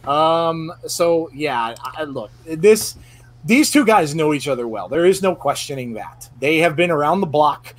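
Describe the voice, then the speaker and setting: Male host for a chatty podcast panel, a touch high-voiced, often stops to restart his sentences. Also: animated, moderate pace, hardly any pauses, fairly bright tone. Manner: rambling, filler-heavy with frequent restarts. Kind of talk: casual podcast round-table chat.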